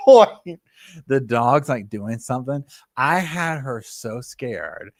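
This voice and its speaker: A man, hosting a casual live chat from home and telling animated stories full of fillers and asides. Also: mid-range voice, a little slow, no room sound, studio quality. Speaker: live stream host.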